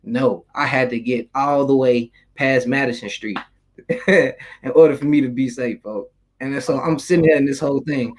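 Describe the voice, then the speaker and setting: A man's voice: mid-range voice, normal speed, low-quality recording. A young man casually telling a street story in loose, rambling slang, swearing freely.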